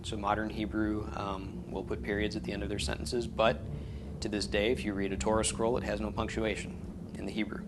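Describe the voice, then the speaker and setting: Man, teacher, low voice, patient lecture, fillers, noisy classroom recording. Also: little pitch movement, fairly quick. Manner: patient, explanatory, with many ums and restarts. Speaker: Hebrew teacher.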